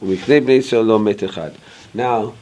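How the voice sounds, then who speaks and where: A man's voice: lowish voice, darkish tone. A man teaching an informal Bible class, explaining verse by verse and checking in with listeners, sometimes stopping to hunt for an English word. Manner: pauses to search for English words. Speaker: Torah teacher.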